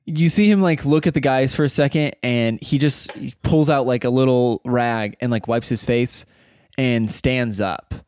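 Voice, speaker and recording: A man narrates a tabletop game as game master at an ordinary pitch, casual and often laughing, with fillers and swearing. The sound is dry and close. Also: unhurried, a little mellow, no echo.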